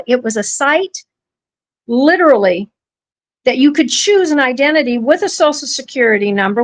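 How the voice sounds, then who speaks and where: Rambling, somewhat high-voiced woman podcast host. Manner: rambling anecdotal storytelling, corrects herself mid-sentence. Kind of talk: casual podcast talk.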